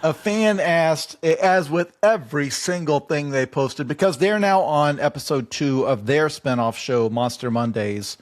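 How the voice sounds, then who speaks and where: A man's voice: fairly high pitch, measured pace, few pauses. A man co-hosting a comedy podcast, chatting casually with wry, joking asides. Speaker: podcast co-host.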